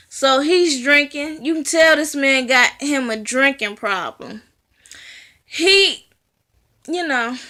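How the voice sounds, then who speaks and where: A woman's voice: high voice, pushed and bright. A woman recapping a movie in casual, chatty storytelling, swearing freely and filling with "you know". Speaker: movie reviewer.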